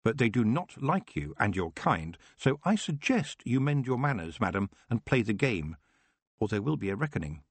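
A man's voice: lowish voice, sing-song, normal speed, slightly rough, dry recording, full character voice. A man voicing a stern, commanding young witch girl.

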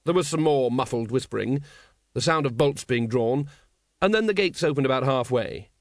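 A man reading a story aloud as an audiobook narrator, in a steady storytelling manner. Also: mid-range voice, moderate pace, no echo, clean studio sound. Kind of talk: scripted narration.

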